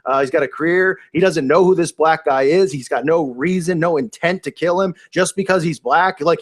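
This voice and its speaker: A man talking in a casual, unscripted monologue, rambling and incredulous, with many restarts and fillers. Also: a little high. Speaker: video commentator.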